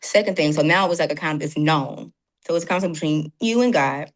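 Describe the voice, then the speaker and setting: A woman's voice: deep voice, quick pace. A woman guest in a casual faith conversation, talking animatedly and acting out her own inner dialogue. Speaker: podcast guest.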